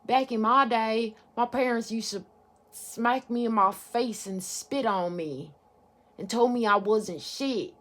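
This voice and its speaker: A woman's voice: a little high, takes it slowly. A woman voicing a harsh, strict elder who scolds a child in a put-on accent. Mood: scolding. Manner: gruff, belittling, put-on accent.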